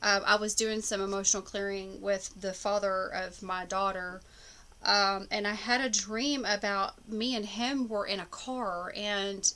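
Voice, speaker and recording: A woman's voice: medium pitch, steady tone, unhurried, sharp tone. A woman talking casually to camera about her dreams, rambling with many fillers and restarts. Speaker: spiritual vlogger. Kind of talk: casual personal monologue.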